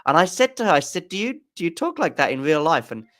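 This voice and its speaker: A man's voice: on the high side, very animated, quick pace, fairly bright tone, no echo, clean studio sound. A man co-hosting a live tennis watchalong, chatting casually and rambling with self-mocking asides. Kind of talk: casual live-stream chat.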